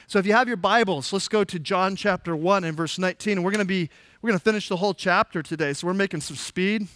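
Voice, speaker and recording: A man's voice: high-pitched, fast, fairly bright tone. A man preaching an expository sermon, retelling scripture in a conversational, everyday way. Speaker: pastor.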